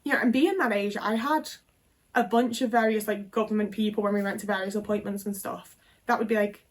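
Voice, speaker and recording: A woman's voice: medium pitch, fairly even intonation, brisk. A woman in her twenties, telling a personal story frankly and casually, swearing often and filling with "like". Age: 20s. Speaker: vlogger.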